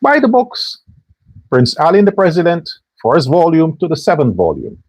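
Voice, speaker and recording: A man's voice: on the high side, wildly swooping pitch, normal speed, a little mellow. A man hosting a political commentary show, delivering a sarcastic and preachy rant. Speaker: host.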